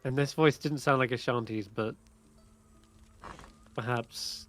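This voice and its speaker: A man's voice: medium pitch, slow pace, fairly bright tone, soft background music. Man narrating as game master.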